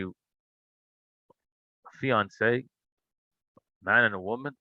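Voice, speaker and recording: A man's voice: fairly low pitch, takes it slowly, pauses often, no echo, lo-fi sound. A man teaching a Torah class, telling stories and asking rhetorical questions. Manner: animated storytelling, asks rhetorical questions.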